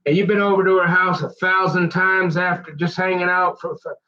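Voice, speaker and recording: A man's voice: high voice, steady tone, fairly quick, bright, forceful tone. Rambling folksy man, lo-fi. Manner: rambling, restarts often, folksy slang. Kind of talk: rambling casual monologue. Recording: dull lo-fi sound.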